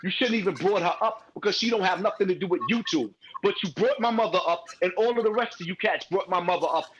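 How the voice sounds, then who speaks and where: A man's voice: high-pitched, fast, fairly bright tone, dull audio, a little hiss or hum. A man arguing heatedly as a guest on a live call-in stream, repeating himself as he presses his point. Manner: heated, confrontational, repeats phrases.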